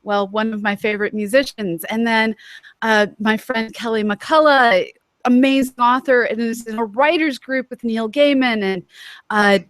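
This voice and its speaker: A woman from Massachusetts hosting a chatty talk show, quick to jump in with jokes. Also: a little high, fairly even intonation, no room sound. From Massachusetts, USA. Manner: chatty, quick to joke and interject. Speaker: host. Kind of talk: casual conversation.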